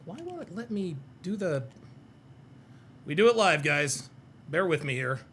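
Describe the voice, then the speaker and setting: A man's voice: on the high side, expressive, measured pace, fairly bright tone, slight background noise. A man giving casual, profane reaction commentary while playing clips, mocking what he hears. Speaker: reaction streamer.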